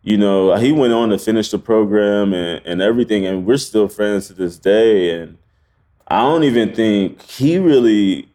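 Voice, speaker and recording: A man, a photographer as podcast guest, telling a story in a loose, slangy, animated way with many fillers. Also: fairly low pitch, normal speed. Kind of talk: casual storytelling interview.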